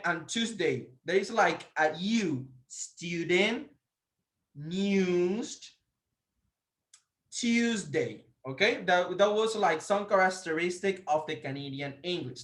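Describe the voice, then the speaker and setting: Male presenter teaching a language lesson: slow, bright-voiced, halting with fillers, roomy echo. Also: high-pitched. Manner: hesitant, many fillers and self-corrections. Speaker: presenter teaching about English pronunciation. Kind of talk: explanatory lesson.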